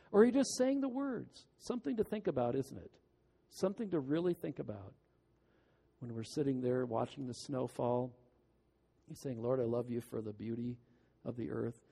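Man, preacher, sermon, earnest, emphatic, folksy asides, mellow tone, long reverb. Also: mid-range voice, gravelly. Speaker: pastor.

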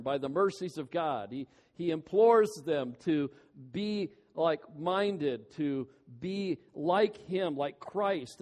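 A man preaching a sermon as pastor, earnest and pleading, stretching out key words slowly for emphasis. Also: fairly high pitch, a little mellow. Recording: long hall reverb.

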